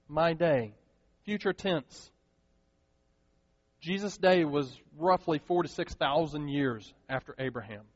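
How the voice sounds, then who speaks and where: A preacher with a high, ringing voice who delivers his sermon with animation, slipping into the voices of the people he quotes. His voice carries a long hall reverb, and the recording sounds a little dull. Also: expressive, slow. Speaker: pastor.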